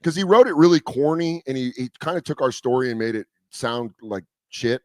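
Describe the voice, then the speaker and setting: A man's voice: medium pitch, fairly quick, no echo. A man, a comedian guest on a radio-style show, telling stories in casual chat, swearing freely and acting out the voices of people he quotes. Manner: animated storyteller who acts out quoted voices, swears freely.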